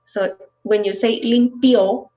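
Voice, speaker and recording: Woman, Spanish native, teaching a language class over video call, unhurried delivery, slightly muffled audio. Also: medium pitch, fairly even intonation, dark tone. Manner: patient, explains slowly with many fillers. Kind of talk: online language lesson.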